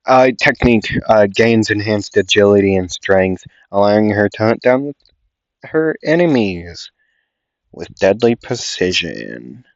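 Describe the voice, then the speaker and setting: A man's voice: on the low side, no room sound, lo-fi sound. A young man rambling through casual anime commentary, laughing at himself and swearing offhand. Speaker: anime content creator.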